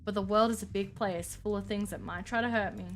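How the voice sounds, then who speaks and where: A woman voicing a lonely ancient female vampire who speaks in a haughty, archaic, calmly menacing way. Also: mid-range voice, brisk, a little hiss or hum, natural voice.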